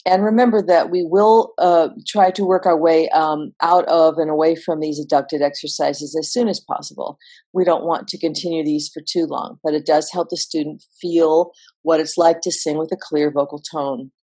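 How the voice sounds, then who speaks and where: A woman vocal coach explaining singing exercises in a relaxed, instructional way. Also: sits low, normal speed. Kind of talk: instructional voice lesson.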